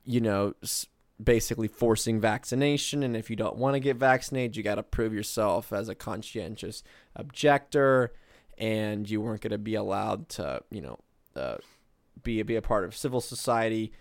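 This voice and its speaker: A mid-range male voice, captured dry in clean studio sound, belongs to a podcast co-host. His casual political chat rambles along with lots of fillers.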